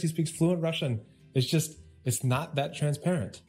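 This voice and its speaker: A man hosting a casual podcast, upbeat and animated as he tells stories. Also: a little high, moderate pace, faint music behind. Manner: upbeat, animated storytelling with frequent laughs. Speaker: podcast host.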